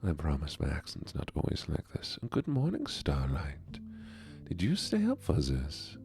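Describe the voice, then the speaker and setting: A man with a put-on German accent in a soft-spoken ASMR stream, greeting viewers and reading poetry in a hushed whisper. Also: a bass voice, wildly swooping pitch, unhurried, creaky, faint music behind.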